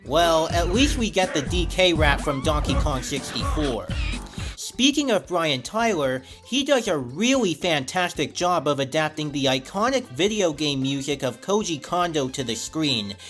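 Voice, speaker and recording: A man giving a scripted film review in an enthusiastic, animated way. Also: a little high.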